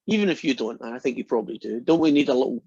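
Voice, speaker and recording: A teacher in an online class, chatty and quick to laugh while telling jokes. The voice is husky in a middling register. The sound is dull and dry, like a video call. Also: medium pitch, dark tone, no room sound. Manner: chatty, encouraging, laughs easily.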